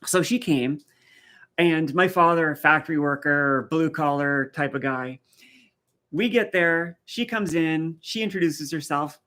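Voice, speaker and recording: Hosting a live stream from the rural east coast of Canada, this man chats casually, telling stories and responding to viewer comments. His voice sits a little high, with fairly even intonation, and has a pushed, bright quality as he speaks unhurriedly.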